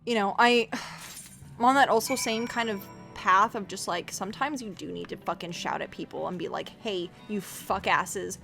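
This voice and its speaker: A woman streamer talks through her game in a loose, rambling way, swearing freely and turning animated when she mimics other people. Her voice sits at a middling pitch for a woman. Game music plays faintly behind her. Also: moderate pace, vocal fry. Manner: rambling, profane, animated, acts out quoted voices. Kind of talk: casual live-stream chat while playing.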